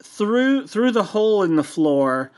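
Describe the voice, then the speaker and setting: A man running a tabletop game as game master, narrating hesitantly with many pauses and fillers. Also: high-pitched, sing-song.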